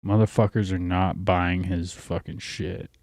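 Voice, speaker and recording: A man's voice: sits low, flat delivery, measured pace, a little mellow, dry recording, studio quality. A young man hosting a livestream, ranting in a profane, rambling way while distracted by his phone and screen. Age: young adult. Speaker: livestream host. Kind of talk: casual livestream rant.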